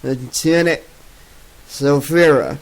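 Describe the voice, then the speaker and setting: A man voicing a groggy, foul-mouthed woman soldier who talks in a slow, slurred way. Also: on the high side, rough recording. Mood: groggy, alarmed.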